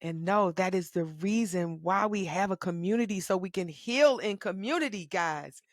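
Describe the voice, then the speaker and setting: A woman's voice: fairly low pitch, fairly even intonation, moderate pace, no room sound, studio quality. A woman co-hosting a spiritual conversation show. She talks earnestly and reflectively, and turns emphatic and fervent when she makes her point. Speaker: podcast co-host.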